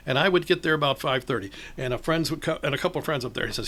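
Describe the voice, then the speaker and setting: He talks very fast at a medium pitch: an older northern Illinois man, USA, who runs a chess club. In a casual interview he tells lively stories, performing the voices of the people in them, with frequent laughter.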